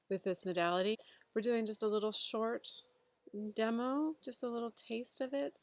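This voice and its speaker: Gentle woman guiding a breathwork class. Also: medium pitch, creaky, no room sound. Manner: gentle, unhurried, with fillers. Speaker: breathwork facilitator. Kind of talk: guided instruction to a class.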